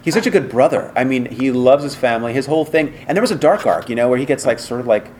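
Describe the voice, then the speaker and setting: A man being interviewed as a voice actor, chatting casually and telling animated stories with acted-out quotes and many fillers. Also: medium pitch, fast, slight background noise. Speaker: voice actor guest.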